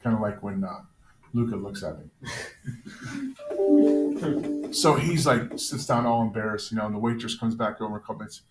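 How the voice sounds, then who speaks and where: A male teacher telling jokes to his class in a classroom, with a deadpan storytelling manner. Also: fairly low pitch, moderate pace, long pauses, music in the background. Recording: echoey classroom, faint noise.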